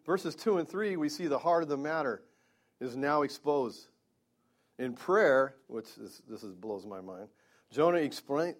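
A man preaching a Bible-teaching sermon, earnest, with stammering restarts and emphatic peaks. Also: medium pitch.

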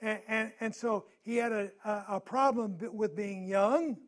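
A man's voice: high-pitched, a little slow. A male preacher giving a sermon through a personal story, talking conversationally and asking his listeners questions, growing more urgent at tense moments.

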